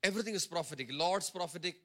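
Emphatic high-voiced male pastor preaching. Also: racing, bright, forceful tone. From India. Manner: emphatic, repeats phrases for stress; acts out characters' words in his own voice. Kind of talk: sermon.

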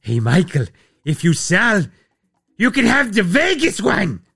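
A man's voice: high voice, huge pitch swings, a little slow, creaky, a bit bright, slightly rough, no room sound, studio quality, soft background music, pitched above the performer's own voice, exaggerated voice. A man putting on a smarmy wheedling executive. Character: smarmy male sports executive wheedling a deal.

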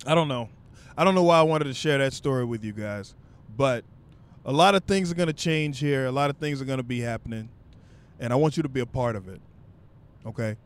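A man's voice: medium pitch, brisk, clean tone. A young man vlogger telling a comic story in loose, profane, conversational talk.

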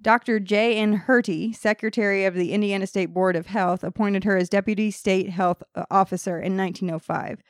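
A woman hosts a casual podcast, reading a history story from her notes. She keeps slipping into laughing banter with the others. Her voice sits at a middle pitch, and it is recorded dry and close. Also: fairly even intonation, a little fast, few pauses, dry recording. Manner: reads notes then breaks into laughing banter.

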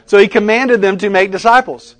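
A man's voice: high-pitched, steady tone, fairly quick. Man quizzing a workshop. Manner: interactive, quizzing the audience with questions; Southern "y'all" in speech. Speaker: teacher at a ministry workshop. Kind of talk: teaching session. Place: conference room with a live audience.

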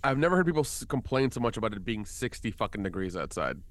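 A man co-hosts a casual podcast. His pitch moves a lot, and he rambles on with plenty of fillers and swearing as he chats. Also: big pitch swings, fast, fairly bright tone. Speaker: podcast co-host and producer.

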